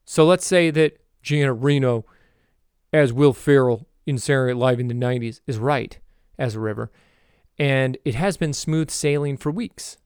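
A man's voice: mid-range voice, moderate pace, a little mellow, clean tone, dry recording, clean studio sound. A man hosting a motivational podcast monologue, rambling, correcting himself and cracking jokey asides. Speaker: podcast host.

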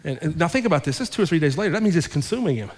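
A male pastor telling a story in a sermon, acting out both sides of the conversations with lively shifts in his voice. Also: a little high, racing, breathy edge. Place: church sanctuary. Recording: long hall reverb.

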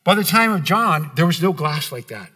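A male preacher delivering a sermon, earnest and repetitive, sinking to a near hush on key phrases. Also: a little high, big pitch swings, normal speed. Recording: long hall reverb.

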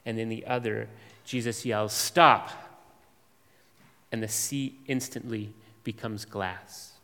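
A man's voice: on the low side, level tone. Man preaching in a reverberant hall. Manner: measured, emphatic preaching with dramatic pauses and lists. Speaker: pastor. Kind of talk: expository sermon.

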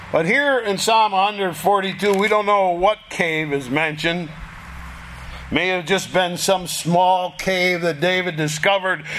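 Man preaching slow, higher voice, lots of pauses, acts out prayers pleading. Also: fairly bright tone. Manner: slow, deliberate delivery with dramatic pauses. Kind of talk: sermon.

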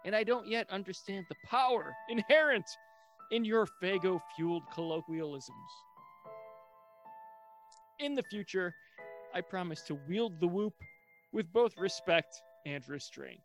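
Dry-witted high-voiced podcast co-host man. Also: unhurried, long pauses, faint music behind. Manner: dry, mock-formal, sarcastic. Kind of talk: comedic casual chat.

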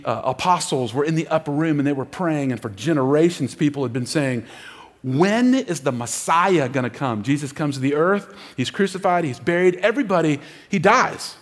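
A man in the pulpit delivers his sermon with emphatic repetition, his voice sitting a touch high. The sound rings out with a long reverb from a church auditorium. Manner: emphatic preaching, repeating phrases for effect. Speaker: pastor.

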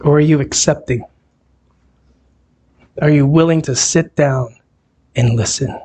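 A male preacher with a high voice gives a sermon, drawing the words out slowly. He talks to his congregation in a loose, conversational way and often asks them questions. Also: warm tone, slight background noise. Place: church hall, also streamed on a video call.

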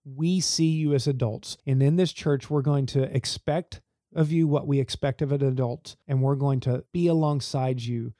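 A man's voice: mid-range voice, steady tone, moderate pace, warm tone, no echo, studio quality. A man talking earnestly as a church youth leader in an interview, telling stories to make his points. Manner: earnest, storytelling. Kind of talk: podcast interview.

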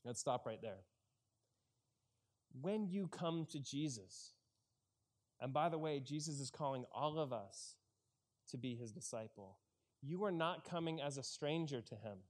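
A man's voice: mid-range voice, lively intonation, unhurried, long pauses. A man preaching a conversational sermon and acting out the characters' lines as he retells the story. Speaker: pastor.

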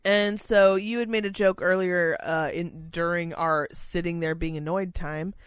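A young woman telling a story in casual chat, swearing a lot, exasperated and animated, acting out what people said. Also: on the low side, measured pace, smooth, no room sound, clean studio sound. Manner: swears heavily, animated and exasperated, acts out quotes.

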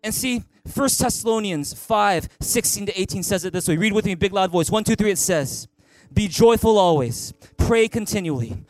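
High-voiced pastor telling a lively story. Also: male voice, no echo, soft background music. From Canada. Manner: animated storytelling with playful humor and quick repetitions. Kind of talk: sermon. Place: large church hall.

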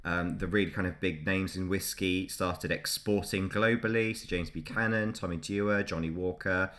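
A man's voice: deep voice, fairly bright tone. A man hosting a podcast, telling history in a loose, chatty way and laughing often between facts. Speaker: podcast host. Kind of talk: casual history podcast chat.

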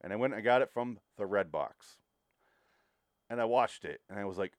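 A man's voice: lowish voice, fairly quick, no room sound, studio quality. A man co-hosting a casual movie podcast, talking in a sardonic, profane way. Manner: profane, sardonic, mocks scenes with put-on quotes. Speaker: podcast co-host. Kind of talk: casual movie review chat.

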